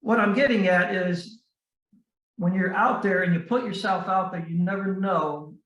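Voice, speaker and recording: A man guesting on a podcast tells a story in an earnest, heartfelt way, often halting and restarting mid-sentence. His voice sits high for a man. It sounds roomy and a little distant from the mic. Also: steady tone, fairly bright tone, muffled recording. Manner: halting, with frequent restarts and fillers. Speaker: guest, Navy veteran and author. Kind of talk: casual storytelling in a podcast interview.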